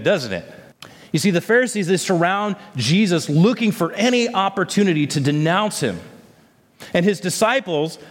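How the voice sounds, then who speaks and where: A male pastor delivering a sermon, asking the congregation rhetorical questions and tossing in "amen?" asides. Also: a little high. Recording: long hall reverb.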